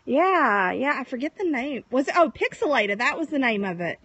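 A woman hosting a casual live stream from the countryside at sunset, chatting warmly and greeting viewers by name on her phone. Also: sits high, sing-song, normal speed, slightly rough, muffled recording. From Texas. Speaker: livestream host.

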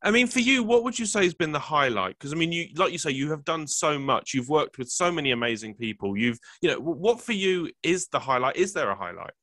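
A man's voice: fairly high pitch, very animated, fairly quick, few pauses, a bit bright, dry recording. A man hosting an interview, asking eager questions and repeating words as he shapes them. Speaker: interviewer, host.

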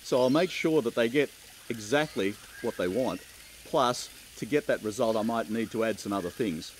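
A middle-aged man with an Australian accent, giving chatty, relaxed interview answers and laughing easily. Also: mid-range voice, moderate pace, a little hiss or hum, low-quality recording. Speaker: keynote speaker.

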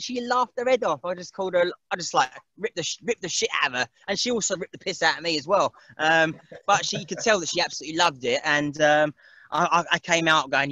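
A man's voice: high voice, pushed and bright, no echo. A man, chatting casually as an interview guest, rambling and laughing often and mimicking other people's voices. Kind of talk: casual chat.

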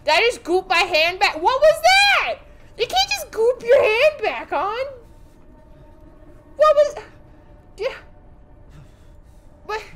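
A young woman streaming a horror game, jumpy and excitable, shrieking and swearing at the game as she plays. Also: very high voice, takes it slowly, long pauses, background noise. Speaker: gaming streamer. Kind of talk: let's play commentary.

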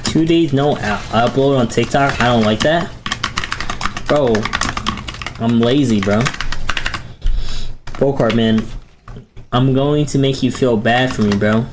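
A young man streaming a video game, chatting casually with viewers in slang and yelping high whenever the action heats up. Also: slow, long pauses, background noise. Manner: excitable, jumps to high yelps, casual slang. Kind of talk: casual live-stream chat while gaming. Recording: loud keyboard clicks behind. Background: keyboard typing.

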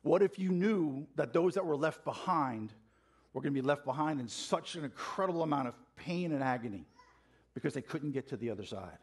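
A man's voice: on the high side, expressive, fairly quick, slightly rough. A man preaching a passionate sermon in a church, getting fired up and calling out questions to the congregation. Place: church sanctuary.

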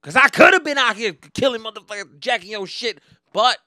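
Young comedian guy swearing thru his stories, bright gravelly voice, super dry mic. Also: extremely high pitch, moderate pace, dry recording. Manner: profane, animated, excitable. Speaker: comedian podcast host. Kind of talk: comedic storytelling monologue.

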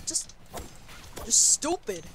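A speaker giving live gameplay commentary, trash-talking opponents and swinging between low mutters and sudden yells. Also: slow, soft background music. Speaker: gamer.

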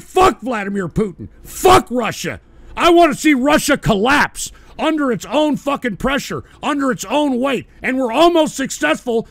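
A man hosting a call-in stream, ranting angrily and profanely, shouting in bursts. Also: very high-pitched, vocal fry, no room sound. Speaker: radio show host.

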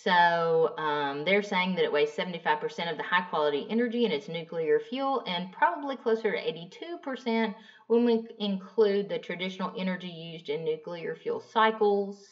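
A young adult woman teaching a class in a casual, chatty lecture style, mixing in lively stories. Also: fairly low pitch, normal speed, distant mic. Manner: chatty, animated storyteller acting out dialogue. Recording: dull lo-fi recording.

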